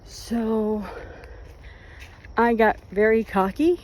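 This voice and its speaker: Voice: mid-range voice, steady tone, a little slow, warm tone. A vlogger telling rambling, self-mocking stories while out on a walk. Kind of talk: casual storytelling on a walk. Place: outdoors, walking.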